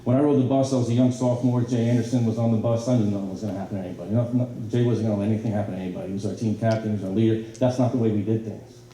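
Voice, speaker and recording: A middle-aged man giving a banquet speech, telling stories in an animated way with many fillers and restarts. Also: lowish voice, racing, a little hiss or hum. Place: banquet hall. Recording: very echoey hall from a distance.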